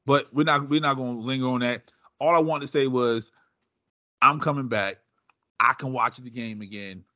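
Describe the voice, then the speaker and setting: A man's voice: mid-range voice, moderate pace, no room sound, highs cut off. Teasing male podcast host. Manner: animated, teasing. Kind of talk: casual podcast banter.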